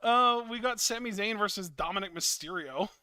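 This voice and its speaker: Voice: mid-range voice, moderate pace, pushed and bright, clean tone, dry recording. A co-host of a casual wrestling review podcast, offering wry, laughing asides and short replies.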